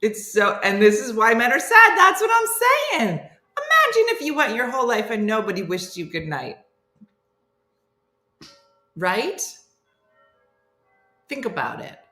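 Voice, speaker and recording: A woman's voice: fairly high pitch, a little slow, pauses often, soft background music. A woman hosting a comedy morning show, chatting casually with viewers, telling stories and acting out the voices of people in them. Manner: animated storytelling, acting out quoted voices, laughing; reads out viewer names, chatty. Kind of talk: casual livestream chat. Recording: roomy echo.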